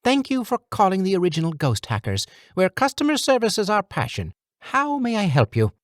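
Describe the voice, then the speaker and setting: A man's voice: wildly swooping pitch, no room sound, studio quality. A man putting on a meek nasal phone voice. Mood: polite. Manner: fast, eager, high-pitched customer-service voice. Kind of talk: audiobook character voice.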